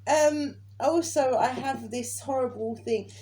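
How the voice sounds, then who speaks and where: A woman's voice: sits high, takes it slowly, dark tone, rough recording. A young woman chatting casually and giggling as she tells a family story. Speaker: daughter. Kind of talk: casual chat.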